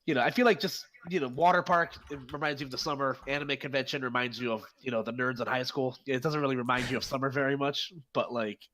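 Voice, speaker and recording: A man with an ordinary mid-pitched voice chats loosely in a casual panel discussion. He hedges his points and leans on fillers as he goes. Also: fairly even intonation, quick pace, hardly any pauses, fairly bright tone, slight background noise. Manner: loose, chatty, hedging with fillers.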